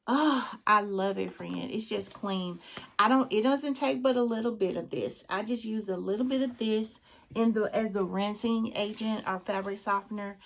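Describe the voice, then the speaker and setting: A woman's voice: mid-range voice, moderate pace, vocal fry. Chatty Southern woman vlogger. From Southern United States. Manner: chatty, calls viewers friend and girl. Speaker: beauty vlogger. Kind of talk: casual chat.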